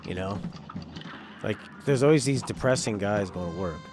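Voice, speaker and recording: A man's voice: fairly low pitch, expressive, normal speed, over music. A man streaming a video game, rambling through casual commentary with joking asides. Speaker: gaming streamer. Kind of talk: casual live gameplay commentary.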